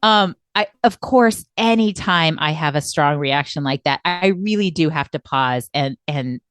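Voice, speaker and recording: A woman with a deep, low voice co-hosts a podcast conversation as a coach. She speaks with emphatic intensity and laughs easily. Her voice sounds close and dry, with no room around it. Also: a little slow, fairly bright tone, no echo.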